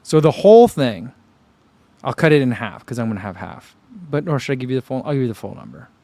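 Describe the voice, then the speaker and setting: Chill guy rambling thru viewer comments on his stream, kinda loose and chatty, dry sound, normal pitch. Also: big pitch swings, quick pace, warm tone, no room sound. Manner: rambling, easygoing, many fillers. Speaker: running channel host reading live chat. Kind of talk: casual livestream chat.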